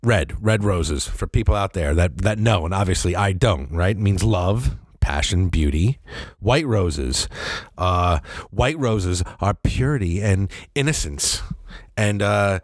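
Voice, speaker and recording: A man co-hosting a podcast, telling a comic story in a casual, profane way and jumping into high voices when he quotes people. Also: lively intonation, a little slow, no echo, clean studio sound. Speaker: podcast co-host. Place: podcast studio.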